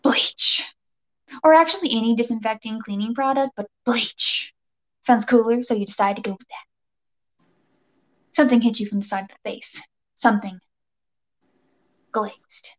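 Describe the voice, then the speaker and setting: A woman's voice: a little high, moderate pace, pauses often, darkish tone. A woman narrating a comic second-person adventure story with playful, dramatic delivery and jokey asides.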